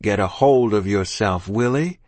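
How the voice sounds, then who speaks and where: A man voicing a protective uncle who gives firm, forceful commands. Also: fairly low pitch, a little slow, dry recording. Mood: stern.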